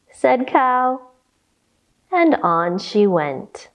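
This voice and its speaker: A woman leading a children's storytime with yoga instruction, reading aloud in a playful, expressive way. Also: sits high, highs cut off. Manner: animated, playful, slow and expressive.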